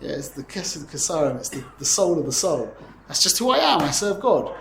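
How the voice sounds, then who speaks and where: A man with a somewhat high, gravelly voice teaches a lively Tanya class to students, animated and quick to restart his sentences. He uses Hebrew and Yiddish terms and often corrects himself. The classroom is echoey, with a faint murmur of ambience and slight background noise.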